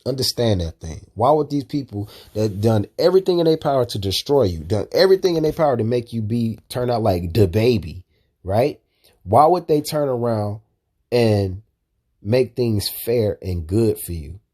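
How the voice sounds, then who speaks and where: A man's voice: mid-range voice, animated, moderate pace, dark tone. A man giving preaching commentary on a video, who keeps ending his phrases with "man". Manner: repetitive, ends phrases with "man".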